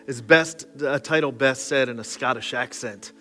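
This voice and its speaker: A man's voice: medium pitch, measured pace, bright, forceful tone. A man preaching a sermon to his congregation, conversational and self-deprecating, with casual asides. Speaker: pastor. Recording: live sermon with long hall reverb and faint music.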